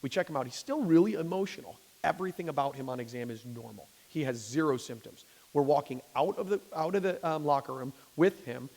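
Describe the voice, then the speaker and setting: A physician's conversational lecture to a lay audience echoes with long reverb in a church hall. His voice is on the high side and darkish, expressive and brisk with few pauses, and he keeps restarting sentences and checking "okay?".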